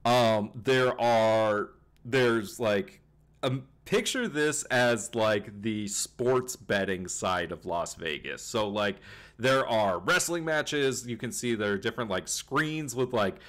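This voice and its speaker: Slow, low-voiced male game master. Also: lively intonation, fairly bright tone. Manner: rambling, filler-heavy narration. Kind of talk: narrating a tabletop game.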